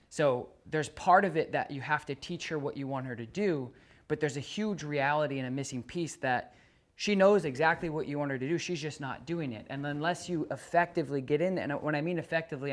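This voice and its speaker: A man working as a dog trainer, explaining to a client in an earnest way, often restarting his sentences and acting out what the dog and owner say. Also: a little high.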